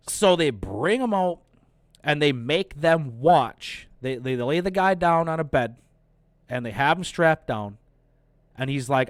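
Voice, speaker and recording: Man, casual movie recap, animated, profane, incredulous, middle pitch, dry close sound. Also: moderate pace, no echo. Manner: animated, profane, incredulous retelling with quoted lines. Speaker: movie reviewer.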